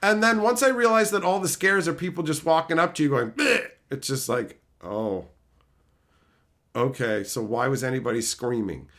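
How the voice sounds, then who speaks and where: A man's voice: medium pitch, normal speed, a bit bright. A man streaming, telling a story in a casual rant, profane, exasperated and mocking.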